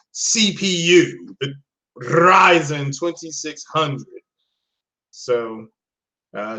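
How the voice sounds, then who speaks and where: Upbeat podcast host, muffled lo-fi audio. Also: male voice, on the high side. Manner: upbeat, repeats shout-outs and greetings. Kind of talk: casual live-stream chat.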